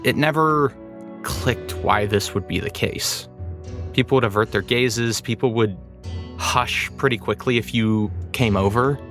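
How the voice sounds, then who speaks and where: A man's voice: lowish voice, unhurried, fairly bright tone, soft background music. A man narrating a tabletop role-playing game as game master, describing scenes in a loose, storytelling way.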